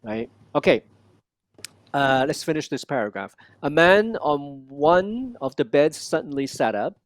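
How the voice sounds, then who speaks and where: A man coaching a student one on one, modeling lines slowly and repeating them with lively energy. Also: on the high side, no echo. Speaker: accent coach. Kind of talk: one-on-one language lesson.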